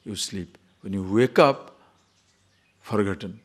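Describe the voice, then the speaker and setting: In a lowish voice, a man teaching spirituality lectures on scripture in a conversational way, chanting verses at a slow pace and asking rhetorical questions.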